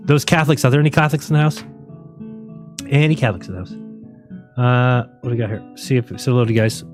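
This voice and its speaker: A man's voice: mid-range voice, fast, faint music behind. A man hosting a casual livestream, rambling and joking, often laughing at his own jokes. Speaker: livestream host.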